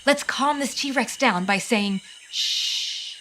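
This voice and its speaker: Children's story host, a woman with a high, unhurried, gently coaxing read. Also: lively intonation, noisy background. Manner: gentle, coaxing, speaks directly to the child viewer. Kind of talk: children's storytelling, speaking to the viewer.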